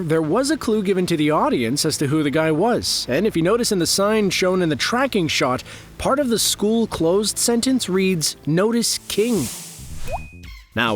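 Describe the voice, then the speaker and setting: A man giving scripted narration for an online countdown video, with a lively, animated delivery. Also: high-pitched. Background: faint background music.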